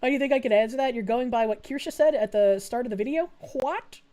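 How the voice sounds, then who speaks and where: High-voiced woman, blunt and sarcastic. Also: quick pace, mellow. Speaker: streamer. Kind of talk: live reaction commentary.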